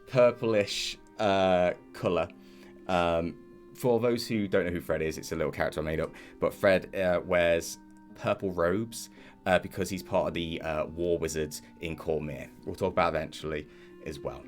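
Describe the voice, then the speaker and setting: A man narrating a tabletop game as game master, relaxed and rambling with many hesitations. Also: low voice, moderate pace, soft background music.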